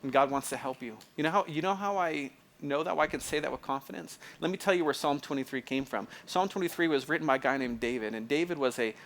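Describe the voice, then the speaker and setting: A man's voice: on the high side, fast talker, hardly any pauses, a bit bright. A man preaching a sermon as pastor, in a conversational way, often repeating phrases, restarting and checking in with the listeners. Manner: conversational, repeats phrases, asks the audience if it makes sense; restarts and stumbles often, fills with "like".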